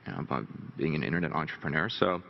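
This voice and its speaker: A man's voice: a bass voice, expressive, very fast, gravelly. A man telling a candid, rambling, self-deprecating story to a live audience as a motivational speaker. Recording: dull lo-fi recording in a reverberant hall.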